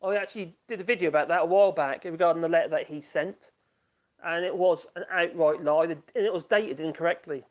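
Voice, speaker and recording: Brisk and slightly high-voiced, a man hosts a casual live stream from his home workshop. He keeps the talk loose, laughs often, and reacts to viewer comments after reading them out.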